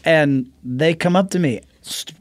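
A man guest author in a casual interview, telling stories in a playful, animated way. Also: on the high side, unhurried, dry recording.

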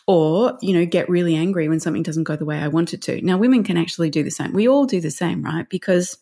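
A woman talking through parenting ideas in a conversational interview, her voice sitting a little low. She explains things earnestly and with emphasis, in the steady manner of a counsellor who has said this to many parents. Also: fast talker.

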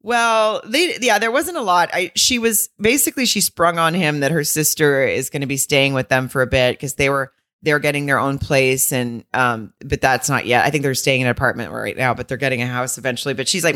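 A woman's voice: low-pitched, lively intonation, fairly quick, hardly any pauses, fairly bright tone, no room sound, clean studio sound. A woman co-hosting a podcast in casual chat, laughing often and retelling scenes in quoted voices. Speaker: podcast co-host.

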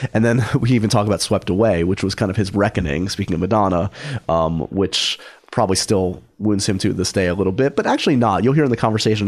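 A man's voice: fairly low pitch, a little mellow. A man hosting a podcast, chatting enthusiastically with plenty of fillers. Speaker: podcast host. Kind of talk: casual podcast chat. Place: small office studio.

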